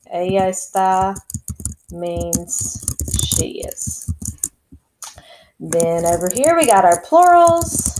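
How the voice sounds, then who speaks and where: A Spanish teacher with a fairly low voice records a lesson for her students, explaining things step by step in a chatty way while she types. Keyboard typing and clicks fill the noisy background.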